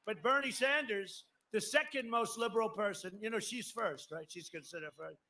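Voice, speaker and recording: A bright-voiced older man gives a rally speech as a campaigning politician at an outdoor airport rally, rambling, emphatic and making asides to the crowd. His voice is high and moderately paced. Faint crowd noise is heard in the outdoor live broadcast.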